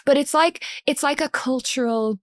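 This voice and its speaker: A woman's voice: high-pitched, normal speed, no room sound, clean studio sound. An Irish woman guest on a podcast, telling stories in a chatty way and laughing often. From Ireland. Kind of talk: casual chat.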